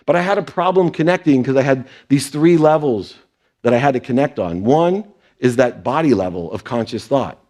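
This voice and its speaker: A man's voice: medium pitch, expressive, normal speed, a little mellow. A man with a mid-range voice gives a motivational talk on stage before an audience. He tells personal stories and briefly slips into other people's voices when he quotes them. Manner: storytelling, quoting others in brief put-on voices. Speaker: speaker.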